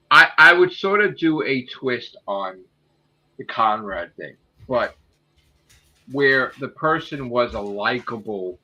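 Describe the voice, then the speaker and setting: Animated, bright-voiced man riffing excitedly. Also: highs cut off. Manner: excitable, profane, pitching a story idea; keeps checking in with "right?". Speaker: podcast co-host. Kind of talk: casual streamed podcast chat.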